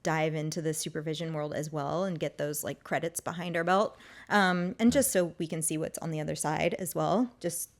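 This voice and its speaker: A woman's voice: sits low, steady tone, moderate pace. A young adult woman chatting casually as an interview guest, talking freely with many "like" and "um" fillers. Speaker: guest, music agency co-founder.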